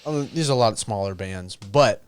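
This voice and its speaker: A man's voice: lowish voice, lively intonation, moderate pace, clean tone. A man from Nashville hosting a casual podcast chat, talking loosely with lots of fillers. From Nashville, Tennessee, US. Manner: chatty, filler-heavy, easily amused.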